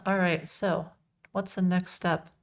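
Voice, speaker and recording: A woman's voice: lowish voice, level tone, takes it slowly, slight background noise. A woman from Texas, without a Texan accent, chatting casually with her live-stream audience while coding and reading chat messages aloud.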